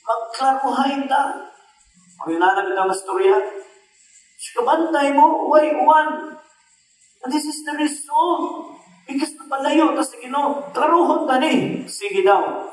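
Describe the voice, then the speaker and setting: A man with a Cebuano Filipino accent preaching a sermon, mixing English and Cebuano and telling a story with lively asides to the congregation. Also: very high voice, unhurried. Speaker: pastor. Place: church service in a hall. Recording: echoey hall from a distant mic.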